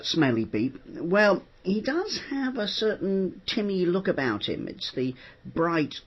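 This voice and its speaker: A middle-aged man chatting on his own podcast, animated and jokey, acting out quotes as he tells stories. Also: on the high side, husky, lo-fi sound. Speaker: host. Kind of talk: chatty spoken podcast monologue.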